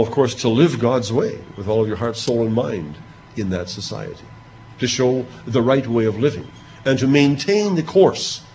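A man preaching a sermon, retelling scripture with animated emphasis on quoted speech. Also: mid-range voice, a little hiss or hum. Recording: dull lo-fi recording with faint ambience.

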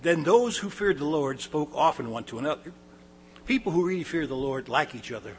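A man preaches a sermon, his voice sitting a little higher than most men's. He reads scripture aloud with mounting emphasis, then drops into plain, conversational explanation. A faint hiss runs under the recording. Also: expressive, brisk, poor audio. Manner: conversational asides with small laughs and restarts. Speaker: pastor.

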